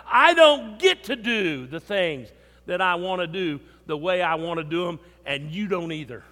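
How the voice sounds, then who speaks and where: An older man preaching a sermon in a church, emphatic, with swings between loud and soft. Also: fairly high pitch, normal speed. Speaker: pastor. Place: church sanctuary. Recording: long hall reverb.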